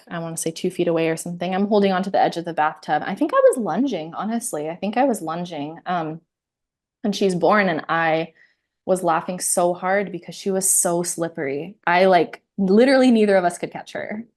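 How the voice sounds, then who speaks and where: Lively woman telling a personal story. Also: lowish voice, a little fast. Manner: animated, laughs often, acts out her own inner voice. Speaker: interview guest.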